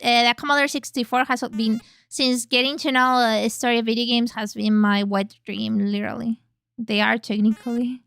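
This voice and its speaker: A young woman streams games from home, speaking into a close mic in a very dry room. Her voice sits high and sounds bright and clear. She talks loosely with chat, curses casually, and breaks into sudden squeals while she plays. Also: fairly even intonation, moderate pace, no echo. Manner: chatty and cursing, reading chat aloud, bursts of squeals while playing. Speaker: VTuber streamer.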